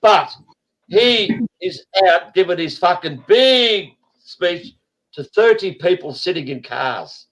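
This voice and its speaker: Blunt, swearing host. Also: male voice, high voice, expressive, slow, a bit bright. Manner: blunt, swears often, rambling. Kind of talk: casual group chat.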